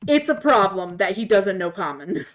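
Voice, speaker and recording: A woman streamer casually retelling a tabletop game story while playing, animated and laughing often. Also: mid-range voice, moderate pace. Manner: animated, laughing, voices quoted characters.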